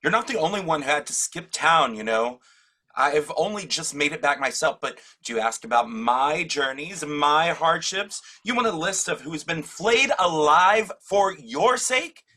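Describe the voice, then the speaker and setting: Man as a slow-spoken, bright-voiced nervous disciple who stumbles on his words. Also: fairly high pitch, lively intonation, exaggerated voice. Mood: indignant. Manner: halting, stammering. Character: anxious, aggrieved male disciple. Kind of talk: audio drama acting.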